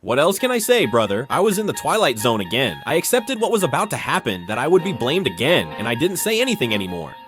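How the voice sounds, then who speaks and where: A man's voice: mid-range voice, quick pace, hardly any pauses, over music. A young man narrating a childhood story in a casual, conversational storytime style. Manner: animated, conversational.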